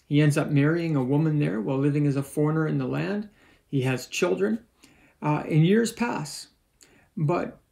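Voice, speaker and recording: Male pastor preaching a sermon: gravelly, warm tone, slightly high-set voice, measured and earnest. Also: rough recording. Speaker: lead pastor. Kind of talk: sermon with scripture reading. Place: church.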